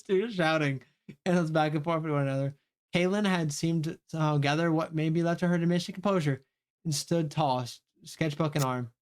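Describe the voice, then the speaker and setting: A man's voice: on the high side, normal speed, clean tone. Man swearing through a story game. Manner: swears a lot, reacts aloud while reading. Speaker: streamer. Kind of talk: live reading of a story game.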